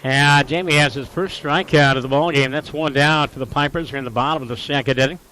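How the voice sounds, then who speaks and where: A man calling a college baseball game play-by-play, with a voice that sits a little higher than most. He runs through counts, lineups and sponsor reads in a steady, informative way. When the big plays come, his voice jumps up with excitement. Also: fast, slight background noise, poor audio. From Upper Midwest US. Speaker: play-by-play announcer.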